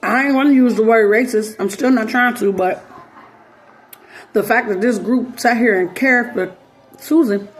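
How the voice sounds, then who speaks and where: A woman, telling a story in casual commentary, animated and slangy, acting out the quoted voices. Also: on the high side, a little hiss or hum.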